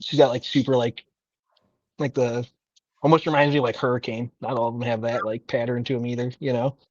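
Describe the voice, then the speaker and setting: A man's voice: mid-range voice, flat delivery, brisk, darkish tone, dry recording, highs cut off. A man chatting casually on a livestream about snakes, self-deprecating and laughing often. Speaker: guest snake breeder.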